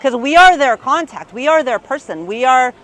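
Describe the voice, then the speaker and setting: A woman in her fifties, a real estate agent giving a motivational keynote story on stage, lively and peppered with "right?". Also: high voice, moderate pace, low-quality recording. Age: 50s. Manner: lively, tag questions like "right?". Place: conference stage.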